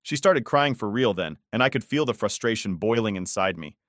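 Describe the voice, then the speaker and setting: A man narrating a first-person story in a measured, restrained and cold manner. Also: fairly low pitch, expressive, a bit bright, dry recording, studio quality.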